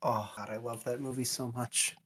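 Male podcast co-host, casual film chat, playful exclamatory banter, mid pitch. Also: steady tone, normal speed, fairly bright tone, slightly rough.

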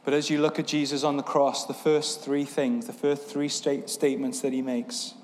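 A man's voice: fairly high pitch, level tone, moderate pace, a little mellow, big-room sound, a little hiss or hum. A man preaching a sermon as pastor, earnest, with a repetitive, building cadence. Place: church sanctuary.

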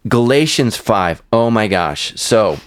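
A man's voice: lowish voice, expressive, takes it slowly, clean tone, dry recording. A man, a pastor hosting a podcast, talking with enthusiasm and explaining scripture to his guest in casual conversation. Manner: enthusiastic, affirming, teaching aside.

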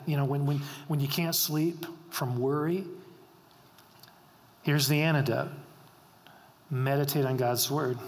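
A middle-aged man preaching a sermon as pastor, earnest, repeating phrases for emphasis. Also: mid-range voice. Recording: long reverb of a hall.

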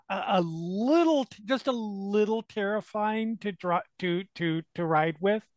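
A man's voice: high voice, dry recording, clean studio sound. A man chatting as a player in a tabletop game, searching for words and restarting often. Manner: slow, searching, many restarts. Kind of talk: casual tabletop game chat.

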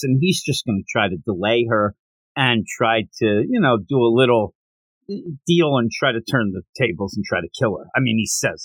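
A mid-range male voice at moderate speed, with no room sound, belongs to a manga podcast co-host. Chatting casually about manga, he tells the story with real gusto and acts out characters' lines as he goes.

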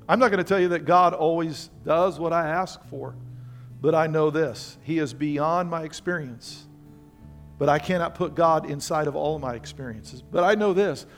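An older man preaching in a church sanctuary, his fairly high voice rising and falling as he talks to the congregation and asks them to answer back. Soft instrumental music plays faintly underneath. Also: moderate pace. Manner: animated, conversational preaching with call-and-response. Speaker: pastor. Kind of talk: sermon.

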